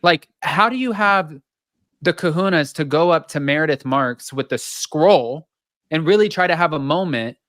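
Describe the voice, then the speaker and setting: A woman's voice: low-pitched, moderate pace, no room sound, studio quality. A woman co-hosting a podcast, telling a reality show recap in casual chat and acting out what people said. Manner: animated storyteller who acts out the quotes. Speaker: podcast co-host.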